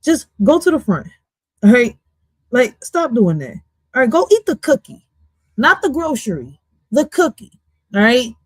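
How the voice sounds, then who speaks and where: A woman's voice: fairly high pitch, sing-song, measured pace, pauses often, slightly rough, no echo. A woman reacting to a podcast clip on her stream, goofy and swearing, slipping into now and then. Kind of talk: casual reaction commentary.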